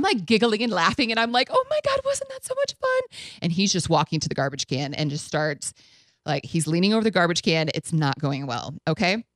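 Woman host, casual storytelling, animated, acts out quotes, lively pitch, dry sound. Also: no room sound. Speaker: radio show host.

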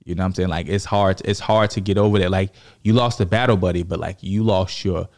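A man's voice: fairly quick, no echo, clean studio sound. A young man, an army veteran and comedian, telling stories in a loose podcast chat and acting out what others said. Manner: animated storyteller, acts out quotes in a higher voice. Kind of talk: casual podcast storytelling.

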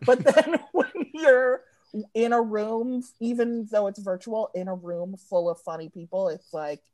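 Slow-talking, giggly, swearing woman. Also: mid-range voice, darkish tone, no echo. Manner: profane, giggly storyteller who laughs mid-sentence. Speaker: comedy writer. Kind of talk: casual podcast chat.

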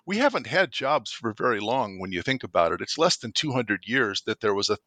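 A man's voice: lowish voice, sing-song, fairly quick, pushed and bright, dry recording. An older man, a professor and author, talking through ideas in a conversational interview, emphatic and thoughtful, often restarting his sentences. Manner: thoughtful, emphatic, repeats words when starting.

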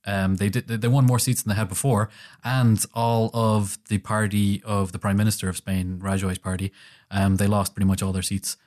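Man, irish accent, podcast co-host, fairly low voice, casual sweary banter. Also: flat delivery, moderate pace, a little mellow. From Ireland. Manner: chatty, laughs often, sweary banter.

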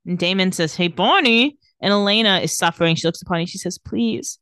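A woman's voice: lowish voice, steady tone, fairly bright tone, smooth, no room sound, studio quality. A woman co-hosting a casual podcast, recapping a TV episode in an offhand, joking way. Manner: recaps scenes in a quick, offhand voice with laughs. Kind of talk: casual chat.

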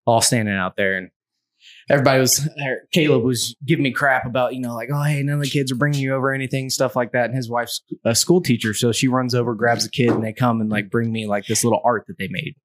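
A man's voice: medium pitch, fairly even intonation, quick pace, no echo. A man guesting on a podcast, rambling through stories with lots of fillers and swearing. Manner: rambling, filler-heavy, profane. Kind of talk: casual chat.

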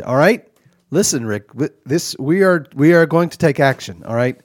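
A man's voice: fairly high pitch, expressive, normal speed, no room sound, clean studio sound. A man hosting an improvised comedy podcast, ranting indignantly and sputtering through restarts. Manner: indignant, sputtering, rambling rants. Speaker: podcast host.

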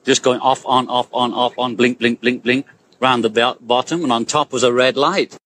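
A man in an archival interview clip, recalling a sighting in an animated way, chuckling. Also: medium pitch, normal speed, a little hiss or hum.

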